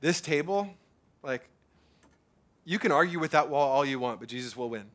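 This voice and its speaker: This pastor, a man in his thirties or forties, gives a church sermon in a lively, conversational style packed with fillers and repeated words. His voice sits a little high, and he speaks at a normal speed.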